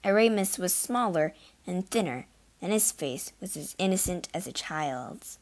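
Woman reading a storybook, lowish voice. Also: lively intonation, a little slow. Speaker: narrator. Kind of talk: storybook narration.

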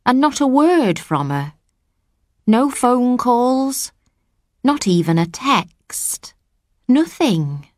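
A woman's voice: on the high side, big pitch swings, very slow, long pauses, darkish tone, no room sound, voice pushed up, exaggerated voice. A woman doing a worried tearful mother of about forty. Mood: pleading. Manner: pleading, close to tears.

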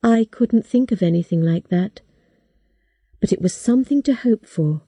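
A woman calmly reading a first-person story aloud, as audiobook narration. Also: medium pitch, normal speed, slightly rough, no room sound.

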